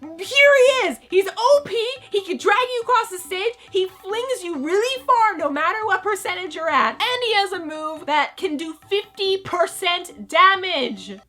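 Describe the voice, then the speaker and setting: A woman putting on a loud, exasperated voice for a game director who finally gives in. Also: very high-pitched, lively intonation, a little slow, hardly any pauses, voice pushed up, exaggerated voice. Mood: triumphant. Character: excited game director giving in, shouting.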